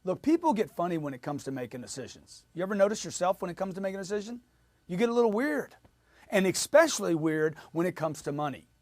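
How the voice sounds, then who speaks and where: An emphatic male sales trainer coaches his listeners and hammers his points home through repetition. His voice sits a little high and moves around a great deal. The recording is dry and close. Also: expressive, quick pace, a little mellow, no echo. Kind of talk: motivational sales lesson.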